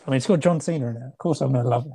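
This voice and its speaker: A man's voice: mid-range voice, racing, mellow, slightly rough. A man co-hosting a podcast, chatting casually and making wry, dry remarks. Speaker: podcast co-host. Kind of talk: casual chat.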